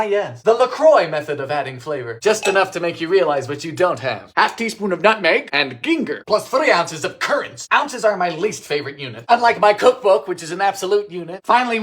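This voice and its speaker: A young man hosts a comedic vintage baking show, trading dry sarcastic quips for sudden loud outbursts. His voice is bright and sharp, and his pitch leaps around constantly. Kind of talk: comedic cooking narration.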